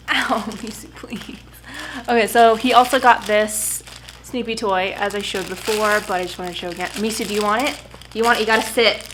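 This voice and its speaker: A woman's voice: on the high side, slight background noise, rough recording. A young woman in her twenties chatting casually at home through a camera mic, often breaking off to scold and praise her puppy. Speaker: vlogger. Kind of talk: casual unboxing vlog.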